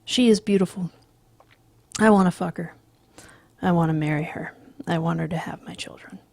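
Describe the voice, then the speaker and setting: A woman voicing a crude, blustery young yuppie man who often drops to a hush. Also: on the low side, normal speed, gravelly.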